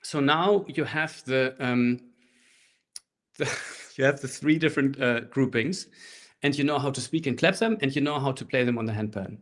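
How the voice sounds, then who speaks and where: A man teaching a live online handpan workshop, explaining rhythms in a relaxed way and chanting rhythm syllables, recorded through a laptop microphone. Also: mid-range voice, normal speed. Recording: faint handpan music behind. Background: handpan playing.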